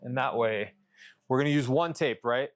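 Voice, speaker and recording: A man's voice: mid-range voice, moderate pace, slight background noise. Rambling man talking through his shop work. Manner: loose and rambling, talks to camera while measuring; mutters and swears to himself mid-task. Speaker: custom truck fabricator. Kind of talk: casual workshop vlog. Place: workshop.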